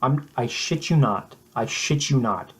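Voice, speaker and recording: A young man telling a mock-serious story in a halting, deadpan way, often restarting his sentences. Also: medium pitch, slightly rough. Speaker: vlogger.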